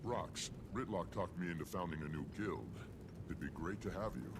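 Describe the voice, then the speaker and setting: A deep, steady beast commander. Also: male voice, moderate pace, heavy background noise. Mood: calm. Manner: calm, earnest, low-key. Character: steady male feline warrior commander.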